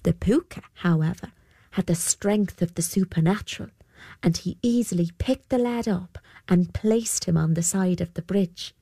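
A woman narrating a folktale in a measured storybook manner. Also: on the low side, dark tone, slightly rough, dry recording, clean studio sound.

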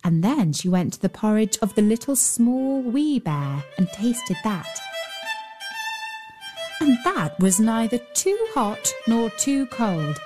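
A woman storyteller reads a fairy tale aloud in an even storybook cadence. Faint fiddle music plays quietly behind her voice. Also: fairly high pitch, slow pace. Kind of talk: bedtime story narration.

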